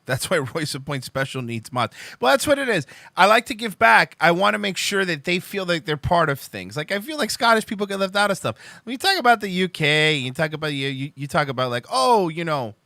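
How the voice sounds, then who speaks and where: A young man chats loosely with his live-stream viewers, rambling, swearing and laughing as he goes. His voice sits high and swings widely in pitch, with a bright edge. The sound is dry and close. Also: very animated, a little fast, gravelly, hardly any pauses, dry recording. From Cuban heritage. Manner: rambling, profane, joking, laughs often. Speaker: livestream host.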